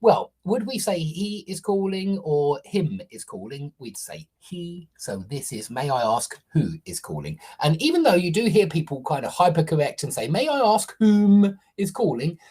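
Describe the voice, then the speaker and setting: A man's voice: fairly high pitch, a little mellow, husky. A man teaching English grammar in a casual, opinionated way, often checking in with "yeah?".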